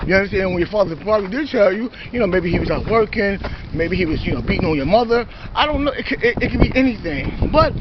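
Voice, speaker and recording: A man's voice: sits high, animated, fast talker, background noise. A man giving a confrontational, preachy monologue to his viewers, full of "you know" and "see". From New York. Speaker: self-styled preacher. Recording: dull lo-fi recording.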